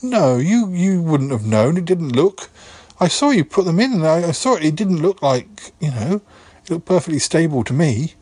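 A man in a comedy sketch who reassures gently and hesitantly, often stammering as he talks. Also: fairly high pitch, very animated, normal speed, breathy edge, dry recording. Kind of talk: comic sketch dialogue.

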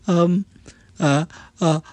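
A man voicing a flamboyant but hesitant actor who talks in halting phrases full of ums. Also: a little high, steady tone, a little mellow, no room sound. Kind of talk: comedy character monologue.

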